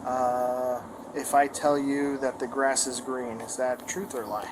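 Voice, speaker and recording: A female police officer questioning people, firm with an adult and slow and measured with a child. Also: very deep voice, little pitch movement, noisy background.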